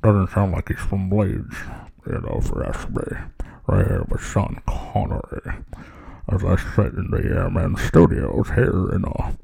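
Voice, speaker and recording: A deep, gravelly older gentleman with a put-on Scottish accent. He drawls slowly and grandly in a dark, husky tone, recorded in a podcast studio. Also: fairly even intonation, heavily acted. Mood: mock-dignified. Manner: slow, drawling, mock-grand impression. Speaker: comedy podcast guest bit.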